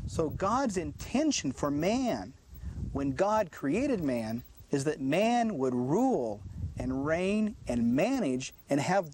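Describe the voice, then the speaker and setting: A man's voice: on the high side, a little mellow, no room sound. A man preaching a sermon, often saying "listen" and posing questions he answers himself. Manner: emphatic, repeats "listen" to drive points home; asks rhetorical questions and answers them.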